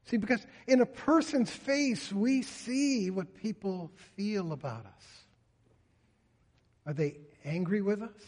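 A man's voice: sits high, expressive, slow pace, a little mellow. A man preaching a sermon in an earnest way, often voicing a psalmist's pleas in prayer. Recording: reverberant hall.

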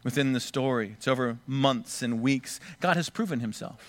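A man's voice: mid-range voice, normal speed, no echo. A man preaching a sermon, acting out the scripture voices dramatically. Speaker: pastor.

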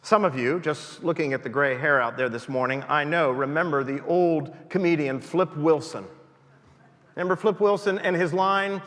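A man's voice: high voice, expressive, fairly quick, fairly bright tone, long reverb tail. A man preaching a sermon in a church, emphatic and rising and falling for emphasis.

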